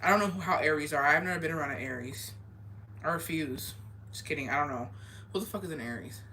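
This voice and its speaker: Casual bright-voiced woman. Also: low-pitched, quick pace, a little hiss or hum. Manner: profane, laid-back, slips between English and Spanish. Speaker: advice vlogger reading viewer confessions. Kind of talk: casual chat.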